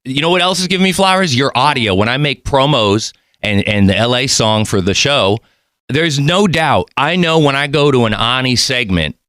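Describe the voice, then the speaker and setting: A man's voice: mid-range voice, expressive, moderate pace, fairly bright tone, no echo, clean studio sound. A man hosting a podcast, chatting in an earnest, rambling way with many restarts. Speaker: podcast host. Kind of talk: casual chat.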